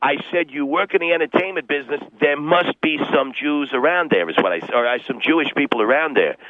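A man's voice: a little high, fast talker, lightly acted. A man voicing a blunt, bigoted male sensitivity trainer with a New York accent, defensive and insulting as he argues. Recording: dry tinny phone-like sound.

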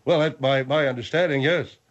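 A man's voice: medium pitch, fairly quick, dull audio, lightly acted. A man voicing a formal, overly polite military man who stammers a lot. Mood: prim.

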